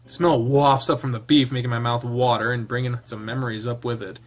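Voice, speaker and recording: Male game streamer, narrates the visual novel aloud, halting commentary with frequent laughs. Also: mid-range voice, little pitch movement.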